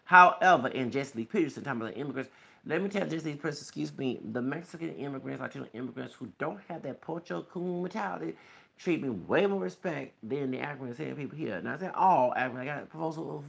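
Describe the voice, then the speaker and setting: A man's voice: fairly high pitch, fast talker, gravelly, a bit bright, husky. A man delivering a heated, rambling vlog rant to camera, pressing each point home with a repeated "okay?". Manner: insistent, repeatedly tags sentences with "okay?". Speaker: video blogger. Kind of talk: heated ranting monologue. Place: Texas.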